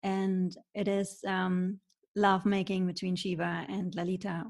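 Soft-spoken woman interviewer. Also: fairly low pitch, little pitch movement, measured pace. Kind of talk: conversational interview.

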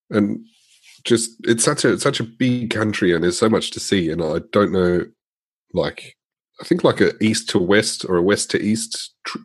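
Hesitant man, lower voice. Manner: hesitant, halting with restarts and fillers. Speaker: podcast co-host. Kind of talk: casual chat.

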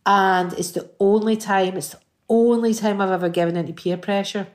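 A woman in her fifties with a Glaswegian Scottish accent, a guest in a casual interview, telling stories in an animated, chatty way with many restarts. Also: medium pitch, moderate pace. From Scotland. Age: 50s. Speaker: guest singer.

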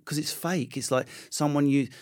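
A man being interviewed as a comedian guest, telling stories in a rapid, animated, self-deprecating way with frequent restarts. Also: on the high side. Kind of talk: conversational interview storytelling.

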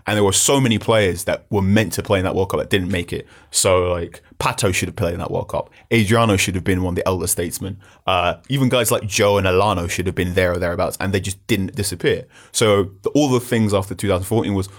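Low-voiced man chatting football. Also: fast, few pauses. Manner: rambling, animated storytelling with restarts. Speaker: podcast panelist. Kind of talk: casual football chat.

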